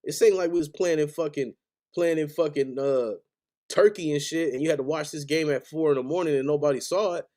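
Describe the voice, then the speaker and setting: A man rants about his team on a sports stream, swearing constantly and repeating his points in anger. His voice sits a little high yet sounds warm and dark rather than bright. He is plainly fed up. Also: a little fast. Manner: heated, profane, repetitive ranting. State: angry. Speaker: sports podcast host. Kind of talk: angry fan rant on a live stream.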